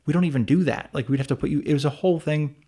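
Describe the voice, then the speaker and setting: A man's voice: fairly high pitch, rapid-fire, mellow. A man co-hosting a casual podcast chat, telling a long rambling story full of restarts and asides. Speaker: podcast co-host.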